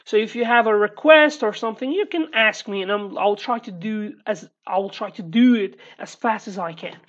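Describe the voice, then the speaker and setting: A woman's voice: mid-range voice, moderate pace. A young woman with a Kurdish accent, a native Kurdish speaker, teaching a casual video lesson and often checking in with "okay?". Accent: Kurdish, Slemani. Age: young adult. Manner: repeats words, asks "okay?" often. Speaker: language teacher. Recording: dull lo-fi audio.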